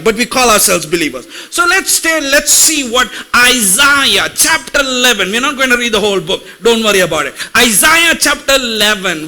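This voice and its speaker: High bright-voiced male preacher. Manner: talks directly to congregation with questions; reads Hebrew words slowly. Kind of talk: sermon teaching.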